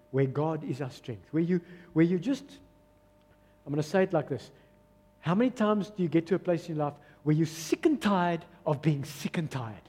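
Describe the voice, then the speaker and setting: A man with a South African accent preaching a sermon as pastor, swinging from loud exclamations to soft, low asides. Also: big-room sound. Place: church hall.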